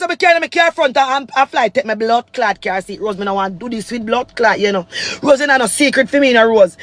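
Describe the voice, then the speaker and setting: High-voiced Jamaican man ranting. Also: fairly bright tone, dry recording. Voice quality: heavy cursing, repetitive insults. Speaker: vlog subject. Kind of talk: angry rant.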